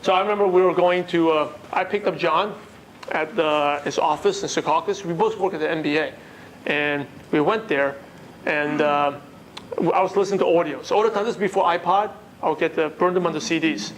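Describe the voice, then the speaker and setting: A man with a non-native English accent, coaching a live audience in a lively way and asking the room questions. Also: fairly high pitch, fairly quick, slight background noise, poor audio. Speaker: network marketing trainer. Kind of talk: seminar talk to a live audience.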